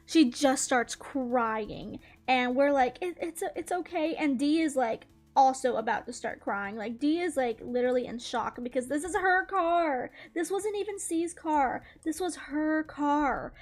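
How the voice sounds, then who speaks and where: A woman's voice: sits high, a little slow, few pauses, faint music behind. A young woman telling a story while drawing, rambling with lots of fillers and frequent giggles. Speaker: YouTuber.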